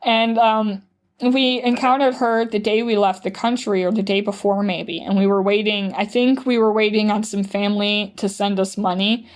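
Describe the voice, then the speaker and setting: Young woman guest, casual storyteller, lots of "like", mid-pitched voice. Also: steady tone, moderate pace. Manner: chatty, fills speech with "like", acts out quotes. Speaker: podcast guest.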